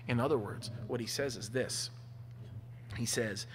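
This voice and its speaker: A man preaching a sermon, telling stories in an animated way. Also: medium pitch, moderate pace, pauses often, slightly rough. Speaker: pastor. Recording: long hall reverb.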